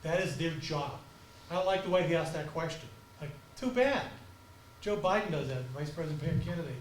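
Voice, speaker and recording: Passionate fast-talking man lecturing. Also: a little high, a little hiss or hum. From United States. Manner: fast, passionate, animated delivery. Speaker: lecturer on crisis communications. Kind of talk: conference talk. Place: auditorium. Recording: echoey auditorium from far off.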